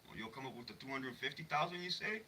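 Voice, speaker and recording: A man playing a smug psychic who sells predictions, in a low, hushed sales-pitch voice. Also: animated, fast talker, far from the mic, a little hiss or hum, poor audio.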